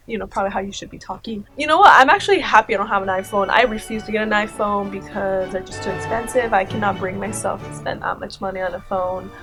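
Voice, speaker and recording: With a medium-pitched, fairly bright voice, a woman in her thirties delivers casual, sarcastic YouTube commentary. She laughs often and leans on "like" and "you know."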